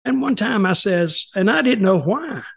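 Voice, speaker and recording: An older man with a high, gravelly, slightly rough voice that's a bit bright speaks animatedly at normal speed. He hosts an easygoing chat, telling rambling wrestling stories full of restarts, repeated words, and quoted dialogue.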